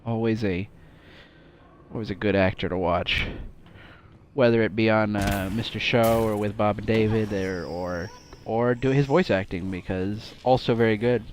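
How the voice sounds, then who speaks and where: A man's voice: on the low side, fairly even intonation, moderate pace, slight background noise. A young man streaming a video game, chatting casually and rambling with lots of fillers and silly outbursts. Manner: rambling, jokey, frequent "like" and "um", bursts into silly exclamations. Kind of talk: casual live gameplay commentary.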